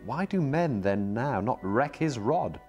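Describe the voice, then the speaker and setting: A man giving a slow, dramatic reading of a poem, weighing each stressed word. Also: mid-range voice, lively intonation. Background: soft music.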